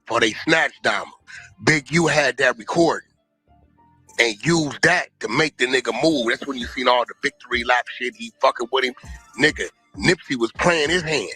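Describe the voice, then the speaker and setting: A man's voice: medium pitch, moderate pace, sharp tone, breathy edge, no echo, soft background music. A man telling a story bluntly in clipped street slang, played as a clip.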